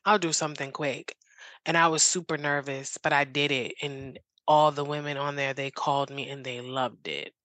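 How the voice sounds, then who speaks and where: A woman's voice: sits low, steady tone, moderate pace, a bit bright, no room sound. A woman guest on a talk show, telling her story in an eager, rambling way full of "like"s and restarts. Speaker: interview guest. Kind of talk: casual interview chat.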